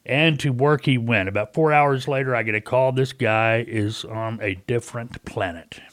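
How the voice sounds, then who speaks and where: A man's voice: mid-range voice, normal speed, fairly bright tone, dry recording. A middle-aged man hosting a casual talk radio show, telling a folksy story and acting out a caller's lines.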